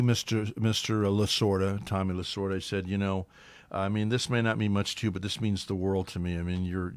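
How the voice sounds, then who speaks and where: There's no room sound around this fairly low male voice. He's a local talk radio host chatting casually, drifting through a rambling story with animated energy and imitating what others said.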